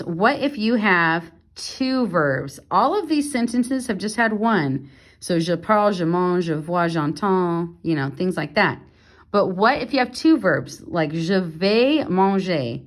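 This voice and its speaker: A woman French teacher explaining grammar in a casual recorded lesson at home, patient and unhurried with small fillers. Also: fairly low pitch.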